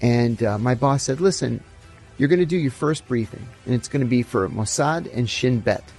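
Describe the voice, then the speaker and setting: A man's voice: mid-range voice, moderate pace, faint music behind. A middle-aged man, a former intelligence officer, telling stories in an interview and acting out the dialogue. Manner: animated anecdotes, acts out quoted dialogue. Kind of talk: storytelling interview answers.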